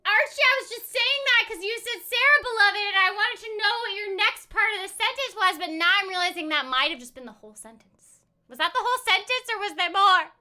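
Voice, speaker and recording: A woman's voice: extremely high pitch, expressive, fairly quick, sharp tone. A woman streaming a game, chatting casually and playfully, greeting viewers and repeating phrases in silly voices. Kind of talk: casual gameplay chat.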